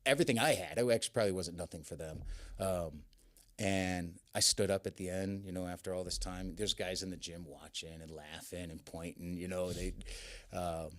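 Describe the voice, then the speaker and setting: A man telling a personal story in a casual interview, animated and acting out what people said. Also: deep voice, moderate pace. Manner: animated, acts out quotes. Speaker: guest.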